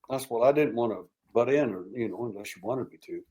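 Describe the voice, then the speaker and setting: An American man spinning a long anecdote on a podcast, slipping into the voices of the people he quotes. His pitch sits in an ordinary middle range, and he keeps the tale moving with lively back-and-forth dialogue. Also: quick pace. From United States. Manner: animated storyteller acting out quoted dialogue. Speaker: podcast guest, alien abduction researcher. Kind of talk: storytelling in casual interview.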